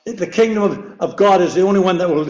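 A man's voice: high voice, fast, darkish tone, lo-fi sound. An older man preaching a sermon in a chapel, rambling and repeating words, laughing at himself as he goes. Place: church chapel. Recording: echoey room.

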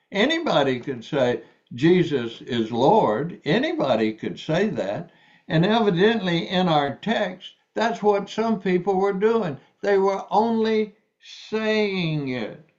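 A man preaching a sermon, reading scripture aloud and explaining it slowly and deliberately, stressing key words. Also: a little high, dull audio.

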